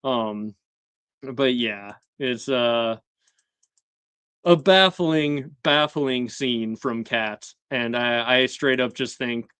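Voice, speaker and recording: Chatty young man, smooth clear voice. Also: mid-range voice, extremely slow, no room sound. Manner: animated, laughing, acts out characters' lines. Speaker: host. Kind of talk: casual live-stream commentary.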